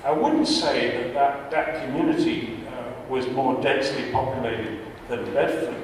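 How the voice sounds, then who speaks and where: A man's voice: mid-range voice, a little slow. An older man, a retired chemist, giving an impassioned public talk, repeating words for emphasis and stumbling over his starts. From United States. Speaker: guest speaker, retired chemist. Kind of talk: public talk with audience questions. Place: large indoor hall. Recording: echoey hall from far off, faint noise.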